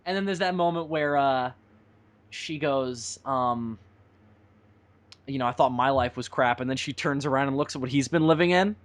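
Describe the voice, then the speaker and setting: A man's voice: mid-range voice, moderate pace, long pauses, smooth. A young man co-hosting a podcast, chatting animatedly about a film and acting out its lines. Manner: animated, quotes film lines in put-on voices. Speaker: podcast co-host. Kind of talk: casual chat.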